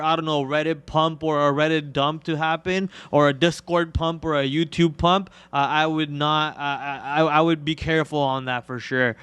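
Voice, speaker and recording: A man's voice: on the high side, a bit bright, clean tone, no echo. A man co-hosting a live stock trading show, talking in a rambling way with many fillers and restarts and joking about his own trades. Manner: self-mocking jokes about his trades. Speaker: co-host trader. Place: studio.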